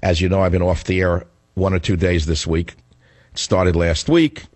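Gruff ranting male radio host. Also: low-pitched, little pitch movement, normal speed, darkish tone, no room sound. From northern United States. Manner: combative, ranting, sarcastic. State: recovering from flu, with a cough. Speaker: radio talk show host. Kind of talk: opinionated talk radio monologue. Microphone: studio microphone.

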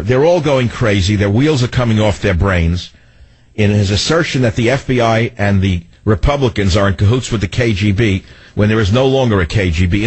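A man's voice: deep voice, a little mellow, slightly rough, poor audio. A middle-aged man hosting a talk radio show, delivering a mocking, sardonic monologue from a radio studio.

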